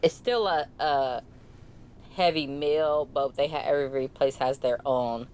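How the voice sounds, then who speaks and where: A woman in her thirties with a low voice and a Bay Area Californian accent. She chats casually on a podcast and tells animated stories full of slang, voicing the other people in them. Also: measured pace, clean tone. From San Francisco Bay Area. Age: 30s. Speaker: podcast co-host. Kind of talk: casual storytelling chat.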